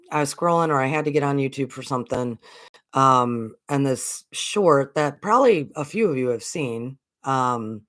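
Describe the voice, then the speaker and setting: A woman's voice: low-pitched, fairly bright tone. Earnest American woman, spiritual vlog host, casual talk, repeats lines for emphasis.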